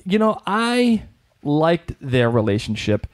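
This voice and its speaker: A man's voice: a little high, big pitch swings, slow. A young man with a Boston accent co-hosting a podcast, talking in a chatty, rambling way with many restarts. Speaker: podcast co-host. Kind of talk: casual chat.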